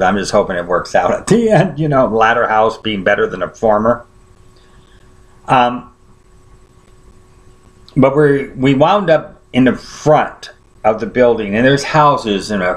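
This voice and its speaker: Conversational male preacher telling a story. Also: on the low side. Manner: conversational, often checks in with listeners. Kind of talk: sermon storytelling.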